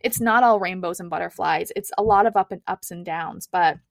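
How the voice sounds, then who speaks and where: A woman's voice: lowish voice, a little fast, vocal fry, no room sound, studio quality. Chatty young woman telling her story. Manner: chatty and candid, frequent "like" fillers. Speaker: podcast guest, niche coach. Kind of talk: casual personal storytelling.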